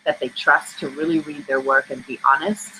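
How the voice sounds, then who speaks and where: A woman's voice: sits low, fairly even intonation, moderate pace, bright, forceful tone, slight background noise, poor audio. A woman screenwriter answering interview questions over a video call, talking candidly in a chatty, storytelling way. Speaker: screenwriter guest.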